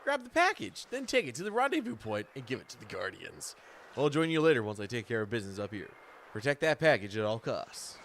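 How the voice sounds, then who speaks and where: A man voicing a steady courier boss. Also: mid-range voice, fairly quick, a little hiss or hum. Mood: commanding. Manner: steady, matter-of-fact orders. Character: calm older male courier boss. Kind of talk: voicing game dialogue while streaming. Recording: game music behind the voice.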